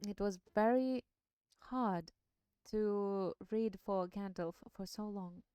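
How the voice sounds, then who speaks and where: Sex: woman. Native: not English. Role: streamer reading a book aloud and chatting. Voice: mellow, smooth, dry. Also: medium pitch, takes it slowly, dry recording. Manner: chatty, laughing, self-deprecating. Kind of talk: book reading and casual chat on a live stream.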